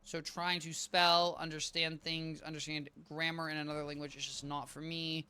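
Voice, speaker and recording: A man streaming a game, chatting casually with viewers in a rambling, self-interrupting way, a little tired and low on energy. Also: flat delivery, moderate pace, sharp tone, clean tone. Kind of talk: casual live-stream gameplay chat. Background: game music.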